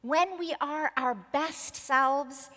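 A woman's voice: high-pitched, drawn-out words, bright, forceful tone, in a large hall. A woman preacher giving a sermon, telling a story expressively and acting out the voices in it.

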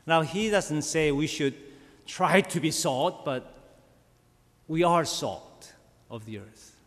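A pastor delivers his sermon at an unhurried, deliberate pace, leaning into emphatic rhetorical questions. His voice sits a little higher than most men's. It rings out in a church hall with a long reverb. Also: lively intonation, fairly bright tone.

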